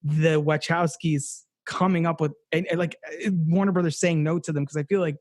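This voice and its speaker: A man's voice: fairly high pitch, steady tone, a little fast, a little mellow, no echo, clean studio sound. A man chatting animatedly about films on a podcast, swearing casually and restarting his sentences.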